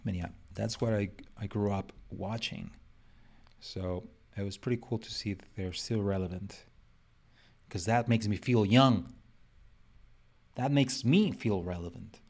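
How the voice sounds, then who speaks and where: This non-native English speaker jokes about himself and rambles casually while drawing on a live stream. He talks unhurriedly in a fairly low, darkish voice, with frequent pauses.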